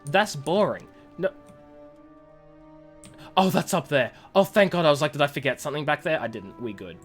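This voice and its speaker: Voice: mid-range voice, expressive, normal speed, faint music behind. A game streamer chatting casually while playing, joking and laughing often. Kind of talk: casual gameplay chat.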